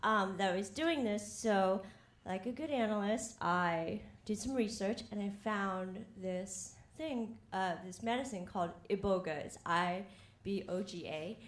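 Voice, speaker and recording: A woman's voice: medium pitch, measured pace. A young woman telling a wry, self-mocking personal story live on stage, often laughing as she talks. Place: theater stage before an audience. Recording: roomy live hall with faint ambience.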